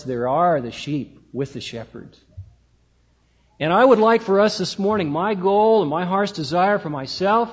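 A man preaching a sermon in a church, measured and slowing down to stress key words. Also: on the high side. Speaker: pastor. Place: church sanctuary. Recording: dull lo-fi sound with long hall reverb.

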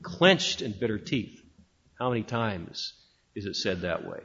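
A pastor preaching a sermon with emphatic delivery and dramatic pauses. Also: male voice, mid-range voice, very animated, bright, forceful tone, husky, dull audio.

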